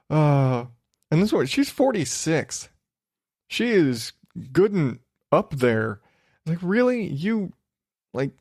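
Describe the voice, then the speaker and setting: A man's voice: mid-range voice, creaky, a little mellow, dry recording, clean studio sound. A man hosting a podcast, ranting crudely with exasperated, laughing disbelief. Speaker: podcast host. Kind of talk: casual ranting monologue.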